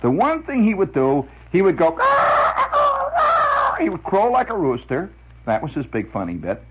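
A man's voice: fairly high pitch, huge pitch swings, brisk, heavy background noise. A man hosting a radio show, telling a long, digressive story with chuckles and many restarts. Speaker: radio host. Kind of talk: rambling storytelling monologue. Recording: dull lo-fi radio recording.

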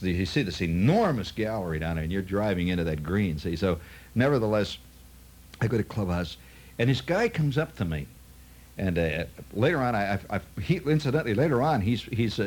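Low husky guy rambling through a story, chatty asides, voice bouncing all over. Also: a little mellow. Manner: chatty, full of "see" and "you know" asides. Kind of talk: rambling anecdote.

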